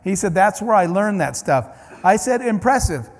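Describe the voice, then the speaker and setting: High-voiced man telling stories in a hall. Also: moderate pace. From Ohio, United States. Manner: animated storyteller acting out dialogue. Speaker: keynote speaker. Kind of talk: storytelling keynote speech. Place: large conference hall. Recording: long hall reverb.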